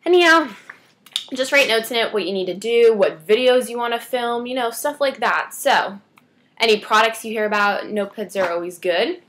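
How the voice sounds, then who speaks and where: A woman's voice: on the high side, normal speed, fairly bright tone, slight background noise. A teenage girl chatting casually to camera as a beauty vlogger, rambling with asides. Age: teens.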